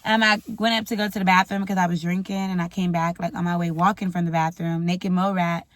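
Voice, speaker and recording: A woman's voice: fairly low pitch, little pitch movement, a little fast, dry recording. A young woman telling a storytime vlog, blunt and profane, venting frankly. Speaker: vlogger. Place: indoors at home, ring light.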